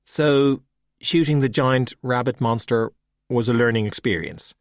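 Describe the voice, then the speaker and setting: A man's voice: mid-range voice, unhurried, dry recording, natural voice. A man voicing a sarcastic, impatient young woman in an audiobook, talking in a snappy, sarcastic way. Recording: dry close audiobook recording.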